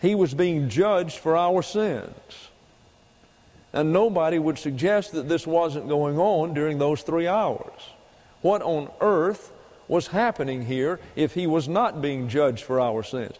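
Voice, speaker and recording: A male preacher delivers a teaching sermon very slowly, with a slightly raised pitch. He works through his points one by one and repeats key phrases for emphasis. His voice carries a long reverb, as if in a large hall. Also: animated, darkish tone. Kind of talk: doctrinal sermon teaching Greek grammar.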